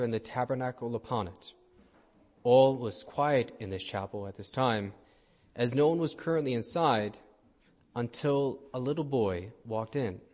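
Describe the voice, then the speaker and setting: A man, a priest, giving a sermon and telling a story in a gentle way. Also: medium pitch. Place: church. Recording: long church reverb.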